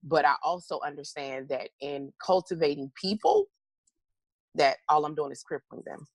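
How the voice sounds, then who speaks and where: A woman's voice: sits low, moderate pace, dry recording. A middle-aged woman guest in an interview, telling stories with animation and acting out her own replies. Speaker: interview guest, motivational speaker. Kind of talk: candid conversational interview.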